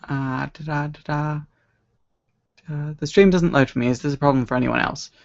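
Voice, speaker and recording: A man's voice: a little high, fairly even intonation, moderate pace, vocal fry. A young man from Scotland, casually chatting as a livestream host answering viewer questions, rambling and self-deprecating. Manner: rambling, self-deprecating, laughs at own stories. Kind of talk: casual chat. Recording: dull lo-fi home stream audio.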